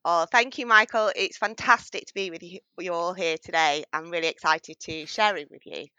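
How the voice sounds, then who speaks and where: Woman, northern English accent, middle-aged, podcast guest, earnest, bright tone. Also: lowish voice, normal speed, no echo, low-quality recording. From northwest England. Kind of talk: interview conversation.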